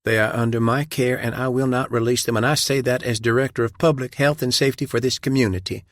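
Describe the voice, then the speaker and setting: A man's voice: medium pitch, fairly even intonation, no room sound, studio quality, pitched above the performer's own voice, natural voice. A man voicing a stern female public health director who speaks coldly and emphatically. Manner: cold, emphatic, deliberate.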